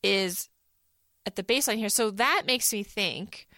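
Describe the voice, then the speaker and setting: A woman co-hosts a podcast in a casual, animated manner, slipping into sarcastic mock voices when she quotes others. Her voice sits at a middling pitch and sounds close and dry, with no room around it. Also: a little slow, no room sound. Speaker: podcast co-host.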